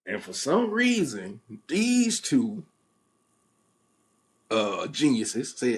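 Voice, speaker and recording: Slow and given to long pauses, a young man's mid-range voice carries a childhood tale on his podcast. The chat is casual, and he plays the animated storyteller, voicing each quoted person and laughing at himself.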